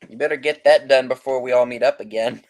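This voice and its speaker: A man co-hosting a casual live chat, tossing in easygoing jokes at a mid-range pitch. The recording is dry and close, with no room sound around the voice. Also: steady tone, quick pace, no echo. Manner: joking, easygoing. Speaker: co-host.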